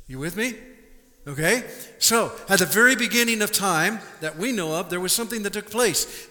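A male pastor preaching a lively sermon to his congregation, stumbling over repeated words and asking the room questions. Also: sits high. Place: church sanctuary. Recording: live church recording with long hall reverb.

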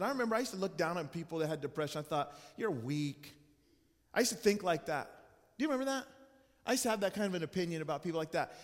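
A male pastor with a notably high voice preaches in an earnest, conversational tone, often restarting his phrases. His voice rings through a church sanctuary with a long reverb tail. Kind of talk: sermon with personal storytelling.

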